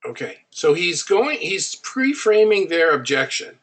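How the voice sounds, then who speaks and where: Male instructor, slightly higher voice, analytical, dissects a speech and mimics its lines. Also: big pitch swings, unhurried, husky. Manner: analytical, quotes and mimics the speaker he studies. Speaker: marketing instructor. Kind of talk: analytical commentary on a recorded speech.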